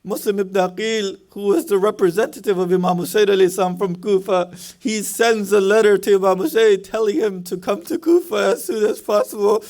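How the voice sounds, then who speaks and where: High-voiced man telling a sermon story. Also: fairly quick, darkish tone. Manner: poses rhetorical questions to the audience; retells events in the present tense. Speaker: speaker at a religious center.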